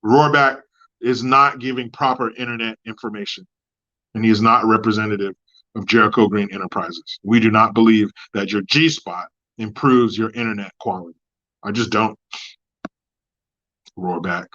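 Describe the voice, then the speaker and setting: A man hosting a livestream, ranting in crude commentary and reading chat, with mocking jabs that swing from loud outbursts to low mutters. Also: fairly even intonation, moderate pace, dull audio. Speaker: livestream host.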